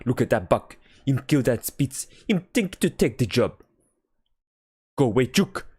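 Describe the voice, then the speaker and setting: A man reading aloud and voicing an excitable dog driver who exclaims in broken English. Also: medium pitch, moderate pace, husky, voice pushed up. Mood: gleeful. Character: excitable French-Canadian male dog driver.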